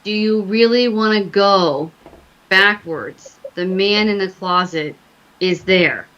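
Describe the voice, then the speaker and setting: A woman voicing a wicked haunted doll spirit in an eerie, slow voice, like a blend of a child and an old grandma. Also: mid-range voice, a bit bright, lo-fi sound, a little hiss or hum.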